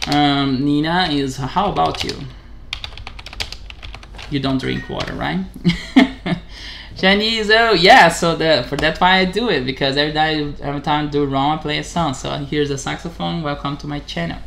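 A man hosting a casual vlog, talking haltingly in English, correcting himself and chuckling as he practices a new language. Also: on the high side, creaky, fairly bright tone, a little hiss or hum. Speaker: channel host.

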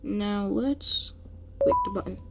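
A woman's voice: medium pitch, slow pace, creaky, heavy background noise. A woman giving casual let's play commentary, exasperated and exclaiming as she complains about the game's controls. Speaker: gamer.

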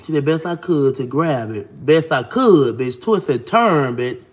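A woman vlogging casually to camera, talking bluntly and brashly, cursing freely, with an animated, expressive delivery. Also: low voice, unhurried.

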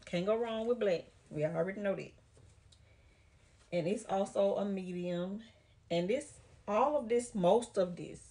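A woman from the United States, out of breath, chatting casually to her viewers through a try-on haul vlog and calling them "y'all" and "girl.". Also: medium pitch. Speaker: vlogger.

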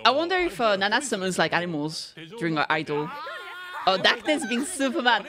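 A woman streamer giving excited, casual reaction commentary, gushing and squealing with delight, with fillers and the odd swear. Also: mid-range voice, fairly quick, crowd noise. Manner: gushing, squeals and laughs often. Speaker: streamer reacting to a game livestream.

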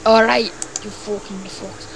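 A man's voice: sits high, level tone, unhurried, gravelly, noisy background. A man playing a rowdy drunk Scottish dad. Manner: loud, crude, bossy jokes. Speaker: game player. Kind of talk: improvised game role-play.

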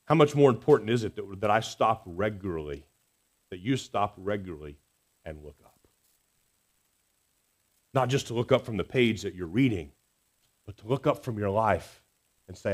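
A man preaching a Sunday sermon in a church, earnest and expressive, swinging between emphatic rises and soft, quiet drops. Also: lowish voice, moderate pace, long pauses. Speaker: pastor. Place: church sanctuary.

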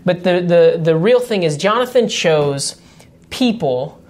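A man's voice: sits high, animated, unhurried, a little mellow. A young man co-hosting a morning devotional radio show as a worship leader, speaking in a thoughtful, earnest way. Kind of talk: casual devotional radio chat.

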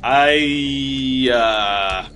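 A man's voice: mid-range voice, extremely slow, fairly bright tone, soft background music. A man hosting a let's-play, chatting casually while he plays. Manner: chatty, laughing, muttering to himself. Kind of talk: casual gameplay commentary.

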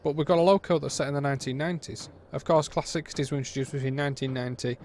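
A man's voice: on the high side, fairly even intonation, very fast, darkish tone, a little hiss or hum. Blunt British man reviewing a game. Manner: blunt, exasperated, rambling with restarts. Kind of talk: casual review commentary.

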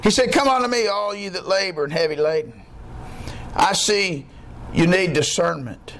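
High-voiced preaching man calling out "Amen". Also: a little slow, fairly bright tone, a little hiss or hum. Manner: folksy preaching with frequent "Amen" call-outs; asks the congregation questions. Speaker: pastor. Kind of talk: evening church sermon. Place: church service with a responding congregation.

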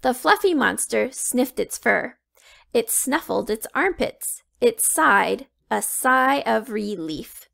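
A woman reading a children's storybook aloud, slow and expressive. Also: a little high, creaky. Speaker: children's book reader.

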